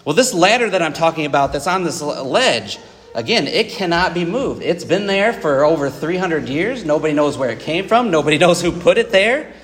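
Chatty preacher, higher voice, echoing church. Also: male voice, expressive, normal speed. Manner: conversational, many fillers and asides to the congregation. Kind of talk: sermon. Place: church auditorium.

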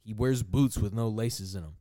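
Young male co-host, low register, loose joking storyteller in casual chat. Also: normal speed, dark tone. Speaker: podcast co-host.

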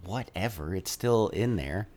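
A man co-hosting a casual chat, laughing often and arguing his points back. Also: low voice. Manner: quick to laugh, animated, interjects and argues back.

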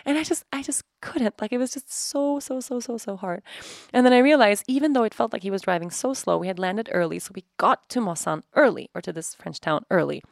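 A woman's voice: medium pitch, lively intonation, a little fast, vocal fry, no room sound, studio quality. A woman podcast host telling a personal story in a chatty way, full of "like" and "you know", acting out her own thoughts as she goes.

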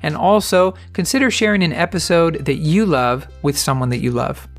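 A man's voice: a little high, moderate pace, faint music behind. A man hosting a motivational podcast, telling a story in an earnest, conversational, encouraging way. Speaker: podcast host.

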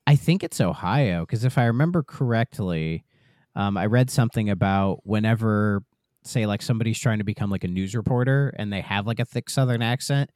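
A man with a fairly low voice, recorded dry and close to the mic. He chats in a relaxed, easygoing way and sometimes hesitates. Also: a little fast, no room sound. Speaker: podcast co-host or guest. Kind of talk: casual chat.

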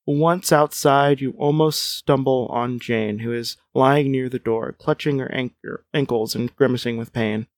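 A man's voice: medium pitch, steady tone, a little slow, few pauses, dry recording. A man reading a gamebook aloud as a podcast co-host, with wry asides and chuckles. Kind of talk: casual chat and read-aloud narration.

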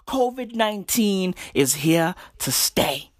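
A woman's voice: mid-range voice, very animated, slow, a bit bright, dry recording, clean studio sound. A young woman, ranting in an exasperated, swearing comic monologue. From South Africa. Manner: exasperated, swearing, repeats slang "bruv". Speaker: comedian. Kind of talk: stand-up style rant.

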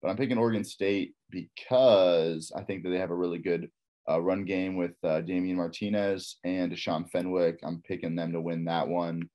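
Casting: man with a faint Texas accent, very deep voice, casual rambling sports talk. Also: fairly even intonation, moderate pace, dark tone, dull audio. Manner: rambling, repeats himself, frank opinions.

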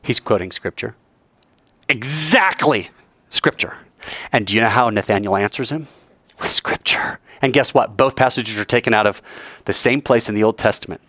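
A male preacher delivering a sermon, animated and full of rhetorical questions to the audience. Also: lowish voice, normal speed, no room sound.

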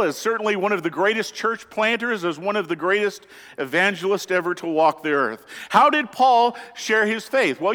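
Male pastor, high voice, earnest emphatic sermon, rhetorical questions, long church reverb. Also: fairly bright tone. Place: church sanctuary.

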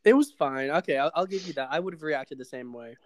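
A man's voice: a little high, fast talker, no room sound. A young man hosting a casual podcast, laid-back and hesitant, with lots of fillers. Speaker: podcast host.

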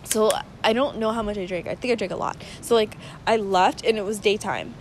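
Young woman, mid-pitch, casual and profane, rambles through stories in a chat. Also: a little fast, a little hiss or hum, low-quality recording. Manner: chatty, swears freely, rambling story with many fillers.

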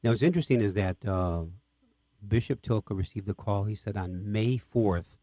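Mellow low-voiced male interviewer. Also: normal speed, no echo. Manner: enthusiastic, prompting questions. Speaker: radio interview host. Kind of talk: interview conversation.

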